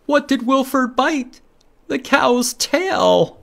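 A man's voice: extremely high pitch, slow pace, creaky. A man reading a picture book aloud to children at library storytime, asking them questions along the way. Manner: animated, asks children questions, makes animal sounds.

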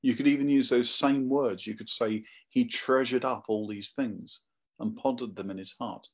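Husky male preacher telling a story. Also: medium pitch, moderate pace. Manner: conversational storytelling, animated. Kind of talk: sermon.

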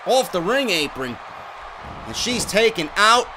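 A man giving excitable, profane wrestling play-by-play over a video game he is playing, often shouting. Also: high voice, measured pace, background noise. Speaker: gameplay commentator.

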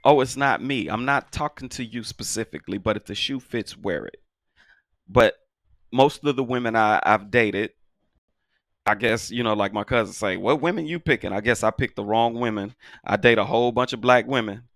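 A man's voice: on the low side, fairly even intonation, normal speed, fairly bright tone, dry recording. A man giving parenting advice in a casual monologue, emphatic and folksy, repeating phrases for stress. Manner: folksy, talks straight to viewers.

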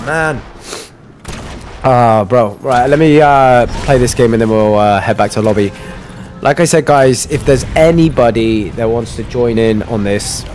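A man streaming a live shooter game and chatting to viewers, trailing off into low mutters and then breaking into loud frustrated outbursts. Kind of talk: casual live game commentary.

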